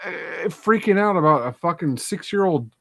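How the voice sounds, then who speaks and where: A man's voice: high-pitched, expressive, normal speed, vocal fry, no echo. A man chatting casually as a co-host, blunt and dismissive, with some swearing. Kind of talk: casual chat.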